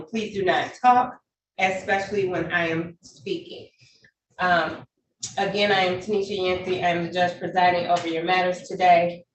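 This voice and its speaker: A woman judge running court proceedings over a video call, speaking in a measured, polite, procedural way. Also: on the low side. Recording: echoey, distant, faint noise.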